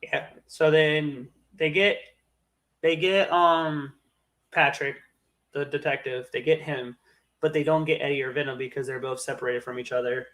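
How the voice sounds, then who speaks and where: A man co-hosting a casual movie review podcast, retelling scenes with lively quoted lines. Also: on the high side, normal speed. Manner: animated retelling, acts out quotes in raised voices. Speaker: podcast co-host.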